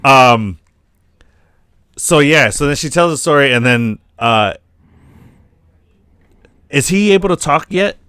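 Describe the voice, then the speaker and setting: A man chatting casually on a podcast as he walks through a TV episode scene by scene. He talks at a middling pitch, acts out the characters' lines and swears freely. The sound is dry and close, with no room echo. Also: takes it slowly, pauses often, smooth. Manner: animated retelling, acts out quotes, swears a lot. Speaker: podcast co-host. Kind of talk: casual chat recapping a TV episode.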